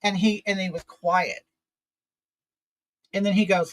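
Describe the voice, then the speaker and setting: A man's voice: high-pitched, steady tone, measured pace, long pauses, a bit bright, dry recording, low-quality recording. A man hosting a casual chat, telling a frustrating story in an exasperated, rambling way with many fillers. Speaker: vlog host.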